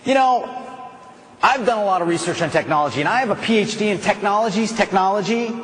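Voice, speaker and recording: A man's voice: high-pitched, fast, fairly bright tone, big-room sound, pitched above the performer's own voice. A man putting on the voice of a condescending skeptic who brags about his doctorate. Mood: smug. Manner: condescending, rattling off credentials. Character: smug male know-it-all skeptic with a doctorate.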